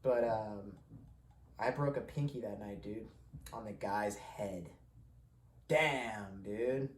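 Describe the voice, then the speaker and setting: A man's voice: lowish voice, slow pace. A young man hosting a podcast, telling a rambling, profane story with frequent laughs. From Mexican heritage. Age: young adult. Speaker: podcast host. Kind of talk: casual storytelling. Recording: echoey room with faint ambience.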